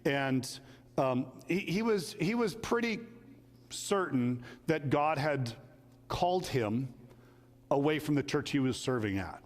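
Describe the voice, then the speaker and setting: A man's voice: fairly high pitch, expressive, slow pace, in a large hall. A male pastor preaching a sermon, telling stories in a conversational way and acting out the quotes. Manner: conversational storytelling with acted quotes.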